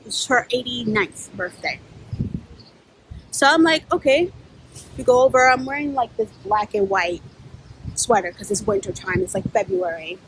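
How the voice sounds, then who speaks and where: A young adult woman from New York, a spiritual life coach, tells a candid personal story in a blunt, profane, animated way, acting out the voices she quotes. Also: medium pitch, normal speed, a little hiss or hum, low-quality recording.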